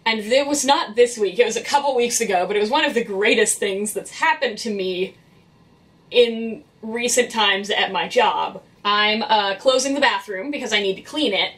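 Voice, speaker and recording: A woman's voice: mid-range voice, moderate pace, a bit bright, far from the mic. A young woman, a vlogger who works in public cleaning, venting about her job in a blunt, exasperated and profane way. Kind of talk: venting storytime vlog.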